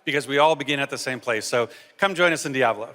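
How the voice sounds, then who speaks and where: A man presenting a game on stage, delivering a polished, enthusiastic promotional pitch. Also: fast talker, a loud crowd. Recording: reverberant stage.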